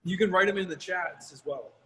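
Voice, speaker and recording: The horn player guest's voice sits high and has a fairly bright tone; he talks a little fast, answering video-call questions in a thoughtful, wandering manner loaded with "you know" and "like." A bit of hiss or hum marks the low-quality recording.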